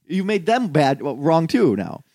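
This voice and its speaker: A man's voice: fairly high pitch, sing-song, measured pace, darkish tone, dry recording. A man co-hosting a casual podcast, blunt and profane, stumbling over restarts. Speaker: podcast co-host.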